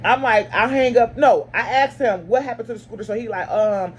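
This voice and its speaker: A woman, a mother, telling a personal story to her viewers in casual chat. She is blunt and lively, and she acts out each side of the dialogue with sudden jumps in pitch. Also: a little fast, lo-fi sound, a little hiss or hum. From lives in Arizona. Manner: blunt and chatty, talks straight to viewers.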